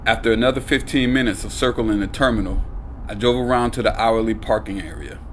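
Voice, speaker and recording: A man reading an audiobook aloud in a steady, unhurried narration. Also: lowish voice, a little hiss or hum. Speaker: audiobook reader.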